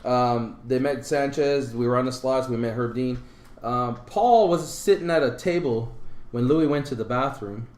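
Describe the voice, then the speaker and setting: A man's voice: medium pitch, normal speed. Man telling a rambling story, roomy sound. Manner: rambling, animated retelling with filler words. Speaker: podcast co-host. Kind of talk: casual storytelling. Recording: roomy echo.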